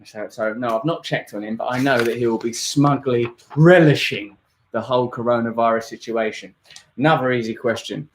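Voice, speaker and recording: A man's voice: mid-range voice, normal speed, a little hiss or hum. A man, hosting a rambling, jokey live-stream Q&A. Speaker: host.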